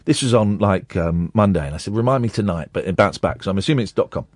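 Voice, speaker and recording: A man's voice: fairly low pitch, expressive, fast, no echo. A man hosts a late-night radio phone-in, joking and rambling with a voice that swoops up and down. He slips into mock-sincere readings. The studio mic is close and dry. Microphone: studio microphone.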